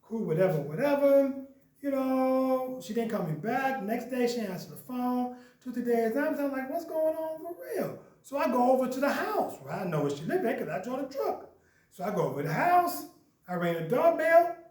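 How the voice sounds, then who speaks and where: A man with a Chicago accent giving an animated storytelling lecture, acting out the voices in his story. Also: very high-pitched, moderate pace. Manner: lively, acts out voices in dialogue. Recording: echoey room, mic at a distance.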